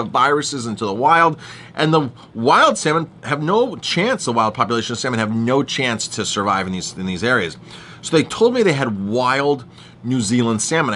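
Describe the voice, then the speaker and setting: A middle-aged chef, a man, delivers a consumer warning straight to camera. His voice is bright and forceful at an ordinary pitch. He rants emphatically and repeats himself for effect. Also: slight background noise. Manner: emphatic, repetitive, ranting. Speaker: chef and food activist.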